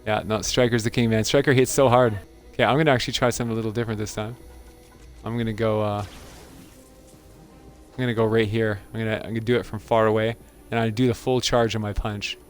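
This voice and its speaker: A man's voice: lowish voice, level tone, fast. Guy narrating his game, laughing a lot, chill chatty vibe, faint music behind. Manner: amused, laughs often, chatty. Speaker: gaming channel host. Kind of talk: casual gameplay commentary.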